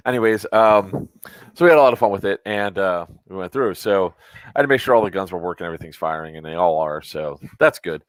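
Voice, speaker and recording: A man from Florida with a lowish voice, talking casually on a podcast. He teases and jokes, and he rambles with plenty of fillers. The sound is dry and close. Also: animated, quick pace, no room sound. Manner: joking, teasing, rambling with fillers. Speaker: podcast co-host. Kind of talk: casual chat.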